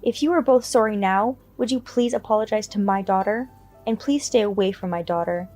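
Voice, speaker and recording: A woman's voice: medium pitch, brisk, darkish tone, soft background music, lightly acted. Woman voicing a protective, reproachful mother. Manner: earnest and reproachful. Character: protective middle-aged mother defending her daughter.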